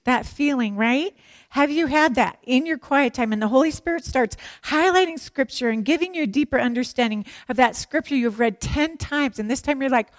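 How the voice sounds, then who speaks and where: Woman, Bible teacher, animated sermon, emphatic delivery, joking asides, dry close sound. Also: high voice, fairly quick, no room sound. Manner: animated and emphatic, acts out prayers and quotes.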